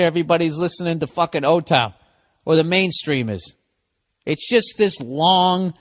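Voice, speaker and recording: A man's voice: a little high, a bit bright. Rambling, profane man in his forties. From United States. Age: 40s. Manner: talks back to himself and his dog. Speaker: podcast host. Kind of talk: solo comedy podcast monologue.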